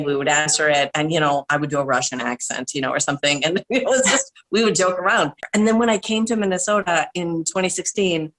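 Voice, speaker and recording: A woman's voice: fairly low pitch, fairly bright tone, low-quality recording. A woman voiceover artist as an interview guest on a video call, telling long, chatty anecdotes full of quoted asides. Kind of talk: casual storytelling interview.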